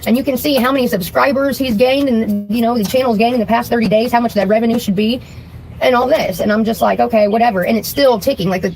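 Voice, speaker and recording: A woman's voice: fairly high pitch, quick pace, gravelly, darkish tone, slight background noise, low-quality recording. A woman ranting angrily on her livestream, blunt and dismissive, cursing heavily. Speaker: live streamer. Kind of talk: angry casual livestream rant.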